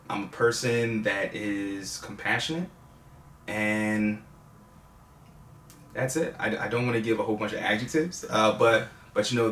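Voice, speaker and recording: A man in his thirties, a guest in an interview, speaking haltingly with many fillers and restarts, tearful and laughing through emotion. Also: lowish voice, a bit bright, echoey room, a little hiss or hum.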